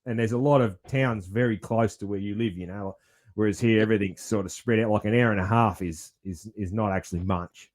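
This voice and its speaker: Laid-back Australian man, low voice. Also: brisk, darkish tone. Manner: rambling, laid-back, swears casually. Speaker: podcast co-host. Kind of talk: casual chat.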